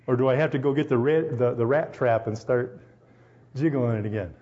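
A man's voice: mid-range voice, a little fast, highs cut off. A man preaching to a congregation, telling personal stories and firing questions at his listeners. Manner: animated, addresses congregation directly with questions. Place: church hall before a congregation.

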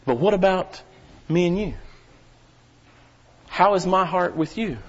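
A man preaching a sermon as pastor, folksy and talking straight to the congregation, his voice swelling at times into near-shouting. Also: high voice, animated, unhurried, highs cut off. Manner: preaching with sudden rises to shouting; folksy, addresses the congregation directly.

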